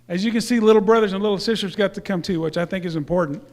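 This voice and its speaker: A man's voice: sits high, racing. A man speaking casually to a church congregation, presenting youth awards in a rambling way with fillers and self-corrections.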